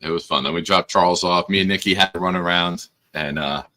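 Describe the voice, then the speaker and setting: A man hosting a casual show, telling stories in an animated way and laughing at his own tales. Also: sits low, fairly quick. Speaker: podcast host. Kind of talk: casual chat and anecdote.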